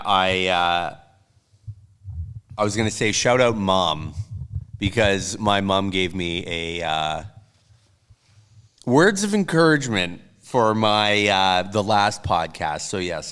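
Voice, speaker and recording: A man's voice: deep voice, fairly bright tone, smooth. A man co-hosting a hockey podcast, telling rambling, self-deprecating stories in casual chat. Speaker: podcast co-host.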